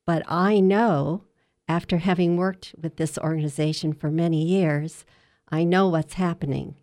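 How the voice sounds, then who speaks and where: A woman working as a hospice dietitian, telling a patient's story in an interview with earnest, measured storytelling. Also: low voice, a little mellow.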